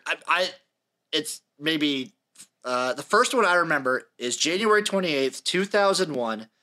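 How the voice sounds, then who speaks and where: A bright, somewhat high-pitched young man in his late twenties hosts a casual sports podcast. He runs through a list in order, reading out dates and acts with dry asides. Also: expressive, a little slow. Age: late 20s. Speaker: podcast host.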